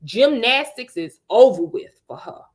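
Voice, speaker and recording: A woman voicing a harsh, short-tempered mother, shrill and scolding as she accuses her child. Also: big pitch swings, measured pace. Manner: shrill, scolding, rising to yells.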